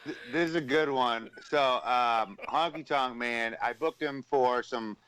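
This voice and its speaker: A man's voice: medium pitch, unhurried, fairly bright tone, smooth. A man hosting a casual radio chat, telling stories crudely and laughing as he goes. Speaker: radio host.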